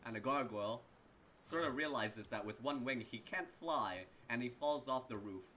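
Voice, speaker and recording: A man's voice: medium pitch, expressive, normal speed, bright, forceful tone. A man narrating a tabletop game as game master, in a loose, rambling, profane way.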